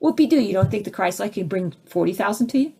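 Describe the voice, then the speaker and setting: Animated middle-aged woman teaching spiritual lessons. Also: mid-range voice, quick pace, husky. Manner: animated, acts out quoted voices, rhetorical questions.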